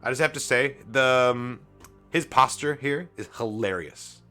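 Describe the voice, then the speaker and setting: A man casually commenting as he reads comics aloud on a stream, animated and quick to swear and laugh. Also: mid-range voice, faint music behind.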